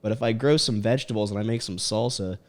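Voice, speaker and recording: A man's voice: on the low side, fast. A young adult man chatting casually as a podcast guest, laid-back and crude, full of fillers. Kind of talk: casual chat.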